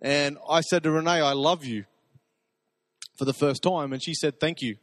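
Guy preaching, chatty storytelling, voice a bit on the high side, dry sound. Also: fairly even intonation, moderate pace, no echo. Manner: conversational storytelling, soft intimate repetitions. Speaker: pastor. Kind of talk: sermon.

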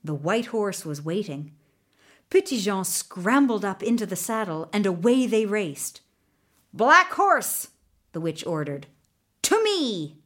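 A woman narrating a children's storybook in an expressive, animated way. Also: medium pitch, unhurried. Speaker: audiobook narrator.

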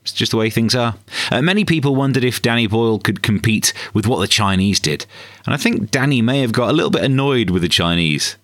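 A man's voice: mid-range voice, a little fast, no echo, studio quality. A man hosting a comedy podcast, delivering a sarcastic scripted monologue. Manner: deadpan, sarcastic.

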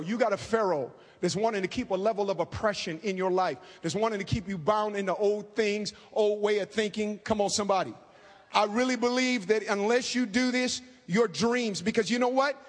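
A man preaching a fervent sermon, talking fast and calling out to the congregation. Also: high voice. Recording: long hall reverb.

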